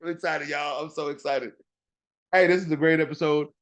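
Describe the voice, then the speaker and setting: A man hosting a fantasy football podcast in casual talk, animated and trash-talking, repeating words for emphasis. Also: on the high side, fairly quick.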